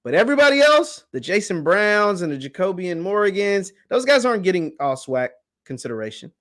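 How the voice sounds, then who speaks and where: High-voiced man, emphatic sports talk. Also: sing-song, fairly quick, fairly bright tone. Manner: emphatic, repeats phrases for stress. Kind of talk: casual sports commentary.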